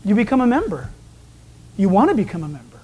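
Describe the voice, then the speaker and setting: Man, pastor, verse-by-verse sermon, animated and emphatic, high-pitched voice. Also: quick pace, breathy edge. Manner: animated, emphatic storytelling that acts out quoted voices. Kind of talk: expository sermon.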